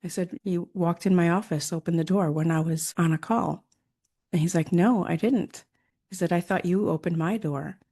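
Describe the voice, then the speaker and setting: Middle-aged woman, low mellow voice, rambly casual storytelling, lots of ums and restarts. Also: steady tone, normal speed, husky. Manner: rambling, with frequent fillers and self-corrections. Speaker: hypnotherapist and former nurse.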